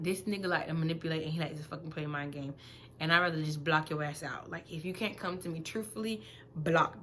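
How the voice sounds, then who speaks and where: A young woman, five months pregnant, telling a story in a blunt, profane, animated vlog rant that swings between loud outbursts and quiet asides. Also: on the low side, a little hiss or hum. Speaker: vlogger.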